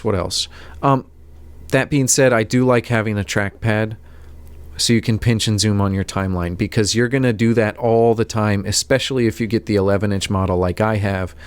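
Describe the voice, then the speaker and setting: A man's voice: lowish voice, smooth, no echo. A man vlogging about tech gear in a casual, rambling, self-deprecating way, full of fillers. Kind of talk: casual rambling talk to camera.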